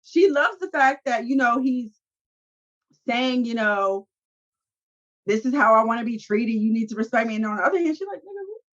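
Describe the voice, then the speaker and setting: A woman's voice: on the high side, lively intonation, normal speed, long pauses, highs cut off. A woman co-hosting a casual podcast, recapping a reality show in a blunt manner, swearing freely. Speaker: podcast co-host.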